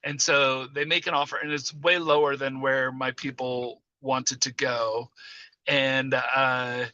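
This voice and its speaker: A man who works as a real estate agent, telling a class about a deal in a relaxed storytelling way. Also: mid-range voice, slow, dry recording, highs cut off.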